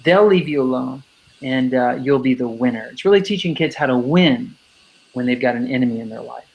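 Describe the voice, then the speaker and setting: A man's voice: mid-range voice, fairly quick, creaky, rough recording. A man who speaks and teaches about bullying, answering interview questions emphatically and acting out the kids he quotes. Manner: emphatic, acts out kids' voices in quotes. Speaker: anti-bullying speaker and educator. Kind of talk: interview guest explaining.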